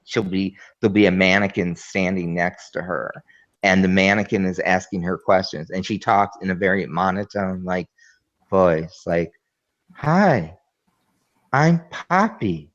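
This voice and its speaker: A man talks through a casual online group chat as a guest, his voice sitting somewhat low. He wanders through his points with fillers and false starts. The recording is muffled and lo-fi. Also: little pitch movement, moderate pace. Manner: rambling, hesitant, many fillers. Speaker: panel guest. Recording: dull lo-fi microphone.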